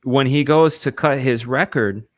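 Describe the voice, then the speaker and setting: A man co-hosting a casual streamed chat, rambling in an animated way and filling his talk with "you know". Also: medium pitch, unhurried, dry recording. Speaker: co-host and storyboard artist.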